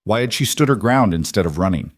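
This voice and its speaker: A man narrating a romance fantasy audiobook in a steady, measured way. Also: fairly low pitch, dry recording, clean studio sound.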